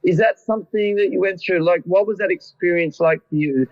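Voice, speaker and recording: A middle-aged man interviewing a guest in casual chat, effusive and unhurried. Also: sits high. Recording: dull lo-fi sound.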